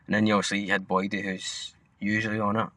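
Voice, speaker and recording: A man's voice: lowish voice, level tone, fast talker, fairly bright tone, no echo. A young Scottish man co-hosting a podcast, chatting casually about football in a blunt, sweary, rambling way. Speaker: podcast co-host.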